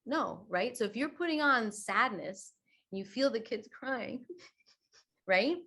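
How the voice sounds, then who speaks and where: A woman yoga teacher talking in a podcast interview, chatty and expressive, acting out quoted voices with big swings. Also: on the high side, slow pace, slightly rough. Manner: chatty, many fillers like "you know" and "right". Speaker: guest yoga teacher and teacher trainer.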